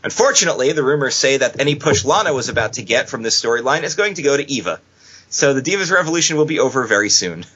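A man's voice: mid-range voice, sing-song, fast, bright, forceful tone, slightly rough. Sarcastic male podcast co-host, lo-fi. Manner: sarcastic, joking, laughs often. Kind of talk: casual wrestling podcast chat. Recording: dull lo-fi podcast audio.

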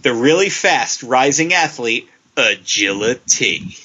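A man hosting a casual podcast, reading out listener entries in a deadpan way and laughing often. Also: mid-range voice, slow pace, breathy edge. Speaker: podcast host. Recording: dull lo-fi sound.

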